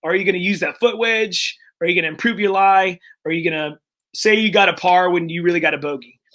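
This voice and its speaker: A man's voice: sits high, fairly quick, fairly bright tone. Emotional, earnest man hosting a podcast. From Texas. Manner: earnest and emotional, with frequent restarts and fillers. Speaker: podcast host. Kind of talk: casual podcast chat.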